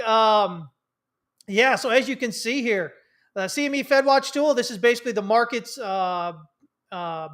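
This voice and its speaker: Guy hosting a trading stream, kinda high voice, rambly, lots of uhs, bit stuffy from allergies. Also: fairly bright tone. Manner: rambling, many fillers and restarts. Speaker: livestream host, trading mentor. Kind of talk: casual livestream market commentary.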